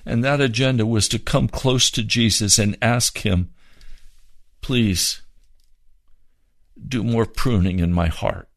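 Slow, low-voiced pleading preacher. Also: male voice, no echo. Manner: fervent, pleading, with slow drawn-out emphasis. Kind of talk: sermon.

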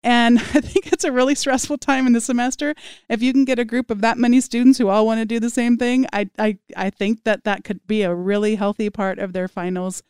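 A woman hosting a podcast, telling stories in a lively conversational way with frequent laughter. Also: a little high, brisk, clean tone, no room sound, studio quality. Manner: animated storytelling with frequent laughs. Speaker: podcast host.

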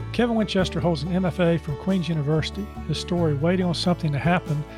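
A male podcast host introducing the episode and reading announcements in a chatty way, with many "uh" fillers. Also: on the high side. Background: guitar music.

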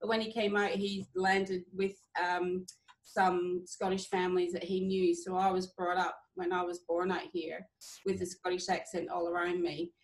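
A woman's voice: lowish voice, little pitch movement, normal speed, poor audio. A woman from Australia, a business owner, telling family stories in a casual interview.

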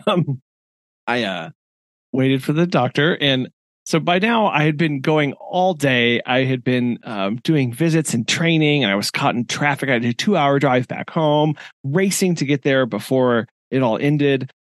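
In a dry, clean studio recording, a middle-aged podcast co-host tells a story at a measured pace. His mid-range voice is animated, the conversation is casual, and he laughs a lot.

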